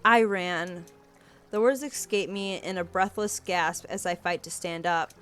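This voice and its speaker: A woman's voice: fairly low pitch, measured pace, fairly bright tone, clean tone, soft background music. Brief: a woman reading as an angry, self-doubting teen assistant, raised voice, game read. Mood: despairing. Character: frustrated seventeen-year-old assistant, self-doubting, quick to anger.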